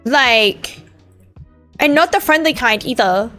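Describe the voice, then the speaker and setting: A woman's voice: a little high, lively intonation, slow, pushed and bright. A young woman chatting casually on a gaming stream, rambling and ranting with lots of swearing and fillers. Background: faint game music.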